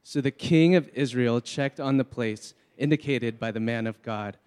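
A man's voice: medium pitch, moderate pace, darkish tone, smooth. A man reading scripture aloud to lead a group Bible reading in a church hall, now and then joking with the crowd. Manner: reads aloud steadily, jokes with the crowd. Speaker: scripture reader. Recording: long hall reverb.

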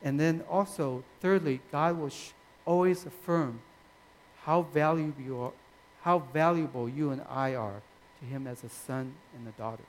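A man preaching a sermon in a gentle, conversational way with frequent fillers and restarts. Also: mid-range voice, normal speed, a little hiss or hum, low-quality recording. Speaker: pastor.

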